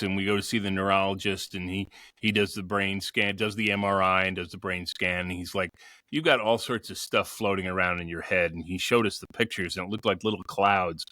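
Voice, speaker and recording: A man's voice: sits low, steady tone, normal speed, pushed and bright, no room sound, studio quality. A middle-aged man, a podcast guest, telling a personal story in a candid, wry way.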